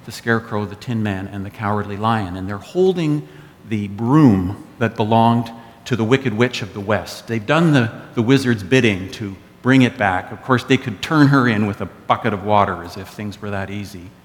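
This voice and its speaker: A man's voice: lowish voice, moderate pace. A man giving a sermon as pastor, telling stories with wry asides. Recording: echoey church hall.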